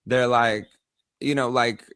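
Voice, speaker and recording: A man in his thirties co-hosting a podcast, telling stories in a sassy, animated way with lots of "like". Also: medium pitch, slow pace, clean tone, no room sound. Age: 30s. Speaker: podcast co-host. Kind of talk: casual chat.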